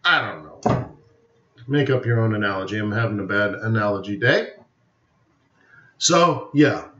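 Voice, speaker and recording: His voice sits on the low side yet sounds fairly bright, with lively intonation and an unhurried pace. He hosts a live forex webinar, rambling, joking, and opining with lots of fillers, recorded as roomy, dull lo-fi stream audio.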